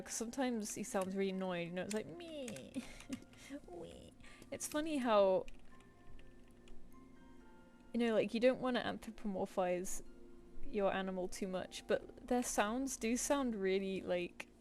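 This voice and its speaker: A woman's voice: medium pitch, moderate pace, darkish tone, faint music behind. A woman with a British accent chatting casually with viewers while she works on a live stream, rambling with lots of fillers. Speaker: streaming artist.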